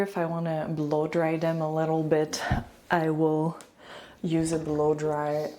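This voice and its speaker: A woman with a French accent talks through her hair routine in a relaxed, unhurried way, her voice soft and mellow. She chats casually with lots of fillers and little giggles, like a home beauty vlog. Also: on the low side. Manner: chatty, filler-heavy, giggly. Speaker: beauty and wellness vlogger. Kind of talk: casual hair-care tutorial.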